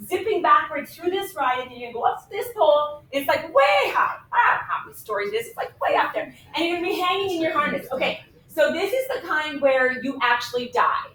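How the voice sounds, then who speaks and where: A middle-aged woman teaching math to a class, lively and chatty, often checking in with her listeners. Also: high voice, brisk, few pauses, slight background noise. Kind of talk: animated classroom storytelling and teaching. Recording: echoey classroom recorded from a distance.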